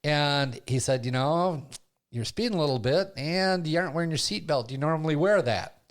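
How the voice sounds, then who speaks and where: An older man hosting a podcast speaks briskly in a slightly high voice. He's an animated storyteller, casually sharing a personal story and acting out what he and others said, including his own past voices.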